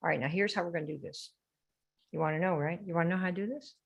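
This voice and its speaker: A woman's voice: fairly low pitch, rapid-fire, creaky, muffled recording. A woman hosting a live sales training stream, brash and teasing as she quizzes her viewers. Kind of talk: lively live-stream coaching.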